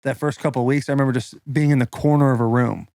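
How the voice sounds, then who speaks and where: A man in his thirties talks quickly and reflectively, easing through anecdotes in a relaxed, chatty way. His voice sits mid-range and sounds dry and close. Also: mid-range voice, vocal fry, no echo. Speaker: podcast guest. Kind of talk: casual chat.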